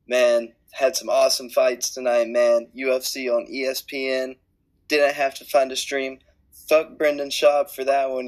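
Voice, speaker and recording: A man leaving a casual recorded message for a podcast, loose, brash and profane. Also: medium pitch. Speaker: listener sending a question.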